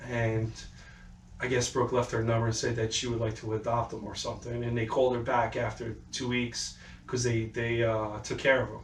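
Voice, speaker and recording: A man's voice: medium pitch, little pitch movement, moderate pace. A man hosting a podcast, chatting casually and telling loose stories, acting out what other people said. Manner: loose storytelling, quoting people in put-on voices. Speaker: podcast host. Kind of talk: casual chat. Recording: echoey room, far from the mic, faint noise.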